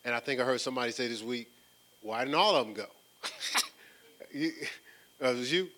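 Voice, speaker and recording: Male preacher, bright forceful tone, casual slangy Bible teacher who gets fired up. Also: mid-range voice, normal speed. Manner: animated, repeats words, builds in excitement; casual, slangy street-style phrasing. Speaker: preacher leading a Bible study. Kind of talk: conversational sermon.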